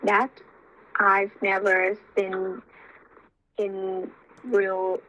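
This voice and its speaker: Slow hesitant woman with Vietnamese accent. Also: medium pitch, flat delivery, sharp tone, poor audio. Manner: hesitant, many fillers and restarts. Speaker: IELTS speaking student. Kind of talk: practice exam answers.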